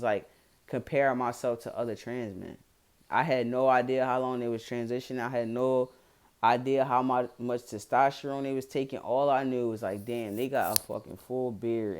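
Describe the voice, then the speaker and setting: A man's voice: mid-range voice, darkish tone. A young man from Philadelphia with a Philadelphia accent, giving frank, blunt advice in a casual vlog and swearing freely as he talks to his viewers. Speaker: vlogger.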